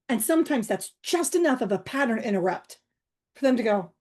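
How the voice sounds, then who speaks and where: Brief: middle-aged woman, comedian guest, high voice, animated storyteller. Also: fairly quick. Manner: playful, acts out voices in her stories. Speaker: guest comedian and humor coach. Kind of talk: animated podcast chat.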